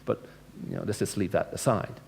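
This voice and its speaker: A Christian speaker gives a lecture-style evangelistic talk to a live audience in a deep, steady, darkish voice with vocal fry, at a fairly quick pace and with a little hiss or hum. He speaks conversationally, asks listeners questions, and acts out dialogue with shifting tone.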